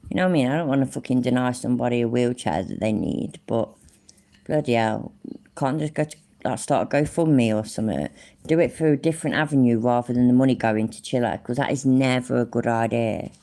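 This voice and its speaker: A woman's voice: a bass voice, fairly quick, mellow. A woman giving casual commentary over a livestream, sarcastic and mocking, swearing freely.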